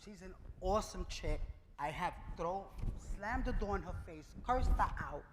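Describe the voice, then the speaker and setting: A man giving a keynote speech, telling his own story in a lively way and acting out the dialogue. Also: sits high, normal speed. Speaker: keynote speaker. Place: event hall before a live audience. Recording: reverberant hall with clear noise.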